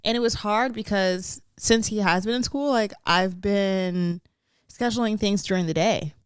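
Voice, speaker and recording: Young woman chatting candid on a podcast, laughs a lot, smooth clear voice, dry sound. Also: mid-range voice, measured pace, no room sound. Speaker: podcast co-host. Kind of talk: casual chat.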